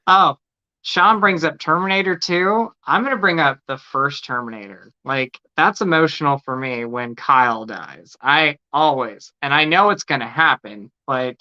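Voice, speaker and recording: Excitable bright-voiced man on a muffled line. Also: fairly high pitch, moderate pace. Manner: excitable, gasps, gushes. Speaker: co-host of a horror talk stream. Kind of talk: casual chat.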